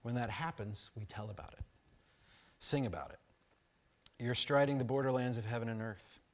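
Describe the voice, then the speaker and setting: A man's voice: medium pitch, normal speed. Storytelling American man at a live talk. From United States. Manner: storytelling, animated, fillers and restarts. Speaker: speaker at an arts conference. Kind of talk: talk mixing read essay and casual anecdote.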